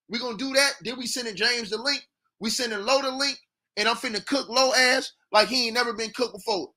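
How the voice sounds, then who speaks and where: This is hyped sports talk on a livestream: a man with a high voice shouting, trash-talking, and hammering the same phrases again and again.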